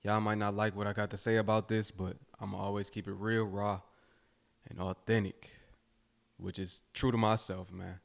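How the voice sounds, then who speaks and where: A man's voice: lowish voice, level tone, normal speed, creaky. A man reacting to clips in earnest, preachy commentary.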